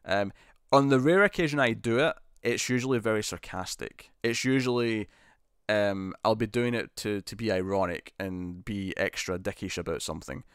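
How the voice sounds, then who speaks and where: Chatty man, smooth low voice. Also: normal speed, no room sound, clean studio sound. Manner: chatty, reads out viewer comments and answers them, laughs often, many ums. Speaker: host. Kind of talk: casual live-stream chat. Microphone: studio mic with pop shield.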